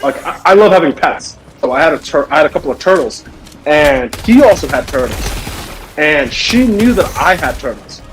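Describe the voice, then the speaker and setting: A man's voice: a little high, big pitch swings, normal speed, vocal fry. A young man streaming, telling a funny story in casual chat and laughing often. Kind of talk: casual storytelling while gaming.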